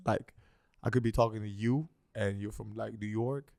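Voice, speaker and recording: A man's voice: fairly low pitch, fairly even intonation, moderate pace, creaky, a little mellow, no echo. A man in his thirties from Greece with a slight Greek accent, hosting a casual interview in a playful, teasing way and often repeating his words. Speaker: host.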